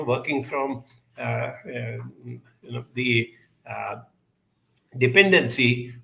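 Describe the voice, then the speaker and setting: A man speaking in a slow, earnest self-help talk, often pausing with fillers. His voice is bright and gravelly. The sound carries a noticeable room echo. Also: fairly high pitch. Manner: measured, earnest, many pauses and fillers. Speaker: self-help speaker answering viewer questions. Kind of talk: reflective talk.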